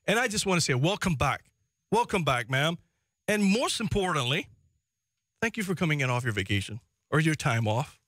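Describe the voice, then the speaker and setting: A man with a Caymanian accent hosting a live radio talk show, effusive and animated. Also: on the high side, normal speed, pauses often, no echo, clean studio sound. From Cayman Islands. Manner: effusive, repetitive thanks, animated. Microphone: studio microphone.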